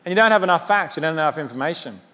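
A male pastor delivers a sermon in a high voice, talking to the congregation like friends and slipping in humorous asides. His words trail off into the long reverb of a large church auditorium. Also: racing. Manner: animated conversational preaching with humorous asides.

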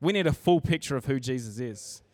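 A man's voice: mid-range voice, lively intonation, a little fast, a little mellow, no echo. A man preaching a sermon in church, earnest and conversational, often restarting his sentences.

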